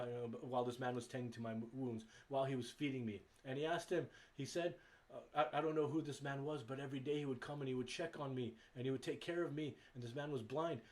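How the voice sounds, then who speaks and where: A man's voice: fairly high pitch, a little mellow. A man preaching a sermon at a religious gathering, impassioned and emphatic, repeating his key phrases and sometimes stammering.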